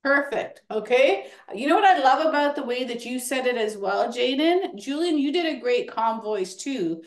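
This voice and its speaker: A woman hosting a children's workshop, encouraging and animated as she talks the kids through examples. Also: sits high, moderate pace, echoey room. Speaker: workshop host. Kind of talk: lively classroom-style teaching.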